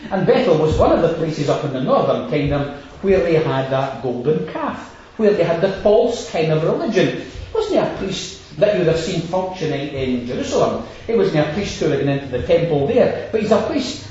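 A man's voice: a little high, darkish tone, slight background noise. A man preaching an expository sermon, stressing points and repeating phrases as he builds. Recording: echoey hall, distant dull lo-fi mic.

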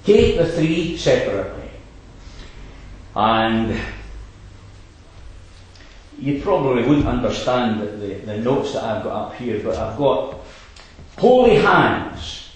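Slow, animated preacher in echoing hall. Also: male voice, mid-range voice. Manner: emphatic, with rhetorical asides. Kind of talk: sermon.

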